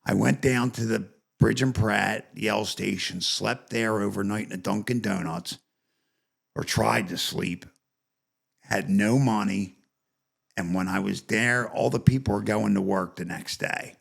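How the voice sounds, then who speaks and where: A man in his fifties with a deeply gravelly, husky voice tells his personal story on a podcast. He rambles a bit and restarts his sentences as he goes. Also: fairly even intonation. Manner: rambling, halting retelling with restarts. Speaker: podcast guest.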